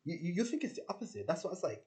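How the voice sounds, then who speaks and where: A man's voice: sits high, big pitch swings, very fast, darkish tone. A young man telling stories in a casual, rambling vlog monologue, packed with filler words and swearing, acting out the people he quotes. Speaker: vlogger.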